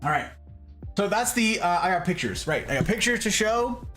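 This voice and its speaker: Faint soft music accompanies a male livestream host as he banters animatedly and playfully with his chat from home late at night. He keeps a moderate pace, and his pitch varies widely from one line to the next.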